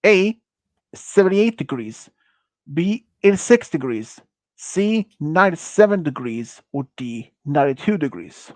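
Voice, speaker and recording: A man's voice: fairly high pitch, sing-song, a little slow, a little mellow, no room sound. A man hosting a casual quiz on a stream, reading out questions and answers with many fillers, restarts and awkward phrasing. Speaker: quiz host.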